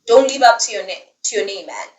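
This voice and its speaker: A woman's voice: fairly high pitch, brisk, roomy sound, far from the mic, rough recording. A young woman telling a casual story recap, chatty and digressive, with dramatic asides. The voice sits in a room, set back from the mic. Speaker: book reviewer.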